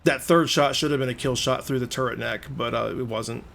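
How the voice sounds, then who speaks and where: A man at an ordinary middle pitch talks through a recorded match as gameplay commentary. His manner is conversational and explanatory, and he is plain-spoken about his own frustration. A faint ambient hum sits behind the voice. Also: fairly even intonation, brisk, gravelly, a bit bright. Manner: conversational, explaining play as it unfolds. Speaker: gaming video host.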